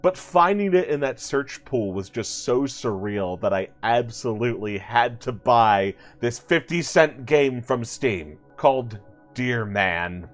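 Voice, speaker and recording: Man, gaming video host, let's play commentary, playful and sarcastic, lively bouncing pitch, faint music behind. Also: a little slow. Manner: playful, sarcastic, jokey asides.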